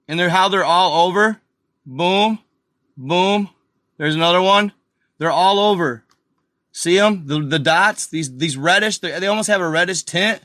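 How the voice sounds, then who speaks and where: Over a map, a rambling, excitable channel host talks casually and live, addressing his audience as guys and y'all in a drawl. The voice is bright and pushed, a touch higher than most men's, and the recording is close, dry, and free of room sound.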